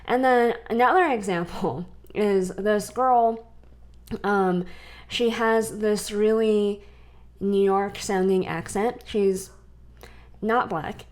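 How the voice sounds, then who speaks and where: A young adult woman from the US West Coast, co-hosting a podcast in casual chat, animated and laughing between points. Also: medium pitch, slow. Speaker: podcast co-host.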